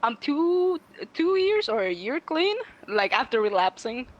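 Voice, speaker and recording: Lively young woman from Finland. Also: sits high, measured pace, dull audio. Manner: animated, acts out quoted voices. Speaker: podcast guest. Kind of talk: casual chat.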